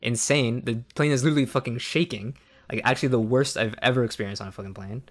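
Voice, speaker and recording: A young man streams casual political commentary, rambling, swearing freely and breaking off mid-sentence. He speaks quickly in a mid-range voice.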